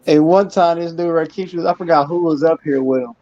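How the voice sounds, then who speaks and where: A man with a fairly high voice, talking casually in an online chat, full of slang and laughter. The sound is dry and close, and it is dull like compressed voice-chat audio. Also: a little fast, mellow, no echo. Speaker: panelist on an online boxing chat.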